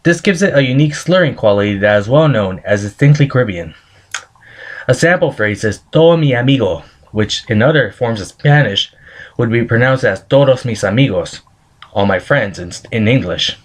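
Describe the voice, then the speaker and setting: A man's voice: mid-range voice, expressive, normal speed. A man reading a scripted screencast presentation, carefully sounding out pronunciation examples. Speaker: student presenter.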